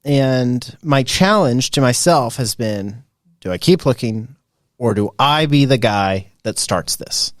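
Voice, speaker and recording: A man in his thirties hosting a podcast in casual chat. He talks in an animated way, with lots of fillers, and laughs often. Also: mid-range voice, takes it slowly, dry recording, studio quality. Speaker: podcast host.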